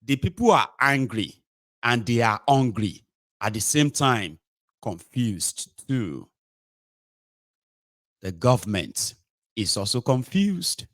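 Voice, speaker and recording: Nigerian man, political commentary host, mocking tone, very expressive pitch. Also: slow, pauses often, no room sound, clean studio sound. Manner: animated, mocking, puts on voices for quotes.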